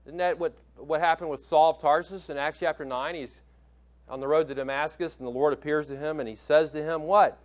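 A man's voice: on the high side, fairly quick, muffled recording. A man preaching a sermon as pastor, emphatic, repeating key phrases and posing questions to his listeners, often correcting himself mid-sentence. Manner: frequent restarts and self-corrections.

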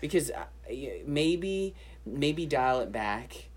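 A man's voice: mid-range voice, big pitch swings, slow pace, a little hiss or hum. A man co-hosting a casual chat, laid-back and repeating words as he gets going. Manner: laid-back, repeats himself when starting a thought. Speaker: podcast co-host.

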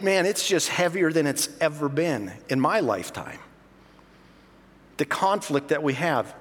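A middle-aged pastor telling self-mocking stories in an animated sermon. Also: male voice, sits high, in a large hall.

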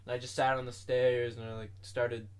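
A young man co-hosting a casual podcast, telling a rambling dream story with lots of swearing and sudden loud yells. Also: medium pitch, level tone, moderate pace. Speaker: podcast co-host. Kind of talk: casual chat.

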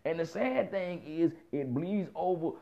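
A man's voice: a little high, expressive, measured pace, gravelly. A man giving a casual opinion monologue, blunt and profane, repeating himself for emphasis as he rants. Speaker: commentator. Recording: dull lo-fi sound.

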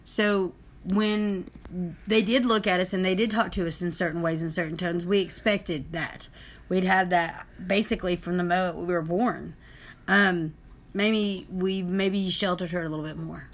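A woman's voice: on the low side, steady tone, moderate pace. Impassioned young woman, emotional. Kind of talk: casual chat.

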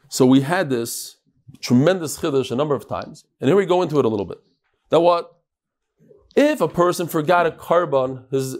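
A man leads a Talmud class in a brisk, good-humored lecture. His voice sits slightly high, and he drops into sing-song chanting for quoted lines. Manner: joking, animated, chants phrases. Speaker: Talmud teacher.

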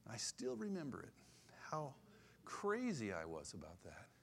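Animated older man preaching a sermon. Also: mid-range voice, a little slow, vocal fry. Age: 60s. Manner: animated, repetitive, conversational preaching. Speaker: pastor.

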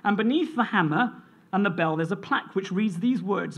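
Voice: mid-range voice, moderate pace, a bit bright, breathy edge. A preacher delivering a sermon in an earnest, storytelling manner, reading scripture and sharing a family anecdote.

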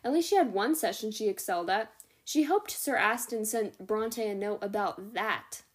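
A young woman reading a novel aloud as a podcast host, steady with the odd stumble and self-correction. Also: medium pitch, normal speed. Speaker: audiobook reader, podcast host.

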